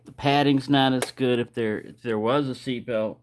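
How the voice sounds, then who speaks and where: A man's voice: medium pitch, steady tone, normal speed, a little hiss or hum. A man talks easily to his own camera at home, wandering off on asides and circling back. His speech is loose and conversational, full of restarts, picked up plainly by the camera's microphone. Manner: rambling, with frequent restarts and asides. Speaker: knife collector showing his collection. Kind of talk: casual show-and-tell vlog.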